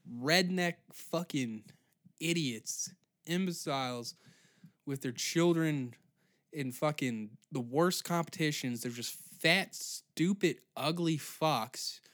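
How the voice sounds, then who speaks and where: A man's voice: on the high side, slow pace, fairly bright tone. Profane ranting young man. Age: 20s. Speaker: podcast host. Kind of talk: solo comedic rant.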